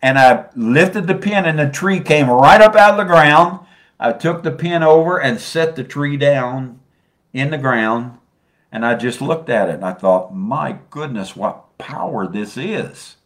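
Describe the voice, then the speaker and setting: A man preaching a sermon, swinging between soft and loud and stretching out phrases for emphasis. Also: fairly high pitch, measured pace.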